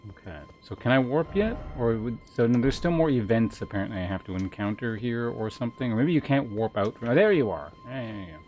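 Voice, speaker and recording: A man's voice: medium pitch, lively intonation, fairly quick, few pauses, darkish tone, faint music behind. A young male streamer giving casual, filler-heavy commentary and muttering to himself as he plays.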